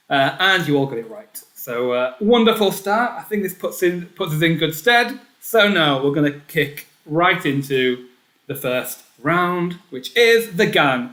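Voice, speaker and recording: A man hosting a live online pub quiz, chatty, reading each question and its options twice and often clearing his throat. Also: on the high side, bright, forceful tone. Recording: echoey room.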